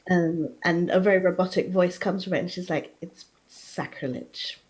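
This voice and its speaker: A woman playing a tabletop game, narrating her character in an unhurried, chatty way. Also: lowish voice, little pitch movement, darkish tone, poor audio. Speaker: player. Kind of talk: casual tabletop role-play.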